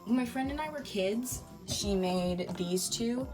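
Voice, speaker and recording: A woman's voice: on the high side, lively intonation, measured pace, music in the background. A woman chatting casually about her unfinished toy videos, rambling with lots of ums and uhs. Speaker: toy-figure video maker. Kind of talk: casual chat.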